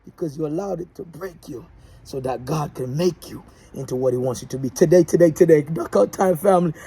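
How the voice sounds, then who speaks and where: A man's voice: fairly high pitch, warm tone, breathy edge. A man delivering a preachy, repetitive, rallying motivational message as the host of his show. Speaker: motivational speaker.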